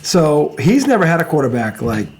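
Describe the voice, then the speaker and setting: A man co-hosting a loose sports talk show, his voice sitting a bit high. He talks bluntly, swears freely and restarts his sentences as he rambles. A faint hiss sits under the recording. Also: wildly swooping pitch, moderate pace. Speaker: podcast co-host.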